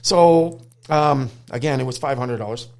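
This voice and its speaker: Brief: middle-aged male host, gravelly voice, animated storyteller, casual chat. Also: mid-range voice, normal speed. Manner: animated storyteller, acts out quotes, swears. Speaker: podcast host, dog trainer.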